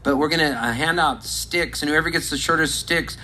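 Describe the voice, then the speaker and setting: A man performing live, telling a rambling, deadpan story to an audience and breaking into laughs now and then. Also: on the high side, brisk, low-quality recording. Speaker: musician and comedian on stage. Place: stage at a live show. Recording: live recording with loud crowd. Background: audience laughing, guitar.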